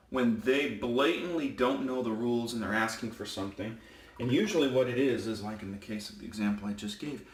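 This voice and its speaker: A man's voice: medium pitch, a little fast, far from the mic. A man who works as a football referee, talking casually while shaving and getting worked up as he rants emphatically. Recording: echoey room, mic set back.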